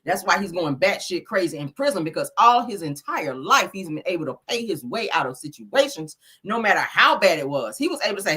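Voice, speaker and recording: A woman's voice: lowish voice, very animated, a little fast, few pauses, sharp tone, husky. A woman hosting a casual celebrity gossip show, sassy and profane, calling listeners honey and child.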